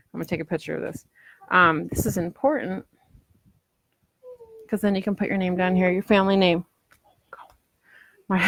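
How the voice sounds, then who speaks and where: A chatty woman crafter talks through a live demo from home, rambling along and slipping into little voices for imagined customers. Her voice sits on the lower side, and the sound is dry and close. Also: gravelly, no echo. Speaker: polymer clay crafter selling ornaments.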